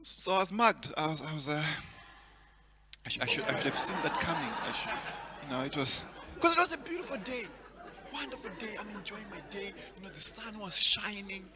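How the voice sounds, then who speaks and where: A man from Zimbabwe doing stand-up comedy, animated, repeating words and laughing at his own jokes. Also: high voice, fairly quick, long reverb tail, a crowd in the background.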